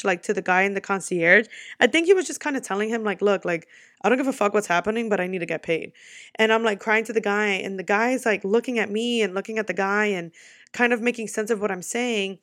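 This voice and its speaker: Young woman, from the US, casual vlog storytelling, animated, quick bursts, swearing, dry close sound. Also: mid-range voice, no echo. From United States. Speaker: vlogger.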